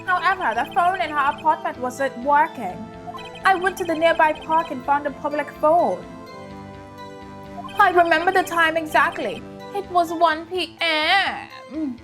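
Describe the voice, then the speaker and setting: A woman's voice: very high voice, a little slow, a bit bright, faint music behind, pitched above the performer's own voice. A woman voicing a nervous, stammering male newspaper salesman who testifies as a witness, with an accent that keeps changing. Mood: flustered.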